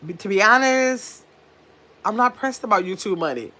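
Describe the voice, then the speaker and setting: Hosting a laid-back livestream at home in her pajamas, a woman chats with viewers and reads out their comments. Her mid-range voice is expressive and sharp in tone, at a normal speed.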